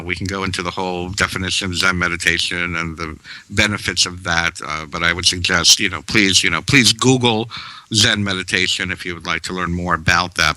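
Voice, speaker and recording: A man giving a calm, measured spiritual talk, guiding listeners through breathing with long pauses. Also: deep voice, dry recording, poor audio. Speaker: spiritual teacher. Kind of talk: slow meditative talk.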